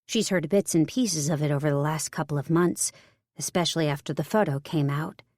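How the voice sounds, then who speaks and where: A woman's voice: sits low, brisk, darkish tone, no room sound, clean studio sound. A woman narrating a first-person romance audiobook in an intimate, confiding manner.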